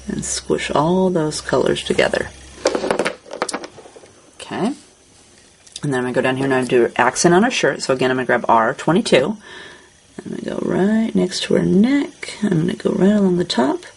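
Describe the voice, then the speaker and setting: A woman hosting a craft tutorial, calmly narrating each coloring step as she works. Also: low-pitched, gravelly, slight background noise, rough recording.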